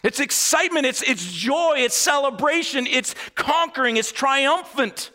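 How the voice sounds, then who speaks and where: Bright, high-voiced male preacher. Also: unhurried. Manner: expressive, emphatic, swings between hushed and excited. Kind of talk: sermon.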